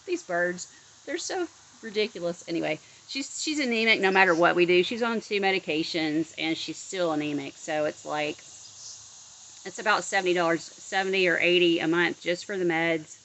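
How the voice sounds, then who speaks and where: A woman's voice: fairly low pitch, moderate pace, fairly bright tone, poor audio. A woman vlogging in a casual chat outdoors in her yard, rambling along with frequent restarts and asides. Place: outdoors in a yard near bird feeders.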